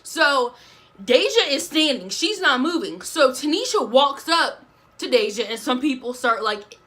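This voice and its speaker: A young woman tells a messy story to her viewers in quick, slangy talk. Her voice sits high and bright, jumping from loud bursts to hushed asides. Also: animated. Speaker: vlogger. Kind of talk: storytime vlog.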